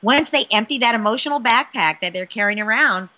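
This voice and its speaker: A woman speaking as a parenting expert in an interview, animated and often checking in with "right?". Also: fairly high pitch, fairly quick. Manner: animated, keeps asking "right?". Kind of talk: interview answer, advice.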